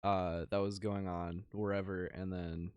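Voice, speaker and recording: Young guy with a lowish voice rambling crudely on a podcast, dry close mic. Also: level tone, a little slow, a little mellow, clear, resonant tone, no echo, highs cut off. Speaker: podcast co-host. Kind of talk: casual chat.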